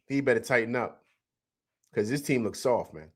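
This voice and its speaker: A man with a mid-range, animated voice hosts a live-stream sports reaction show at a moderate pace. Speaking emphatically and straight to his chat viewers, he repeats himself and keeps saying "man."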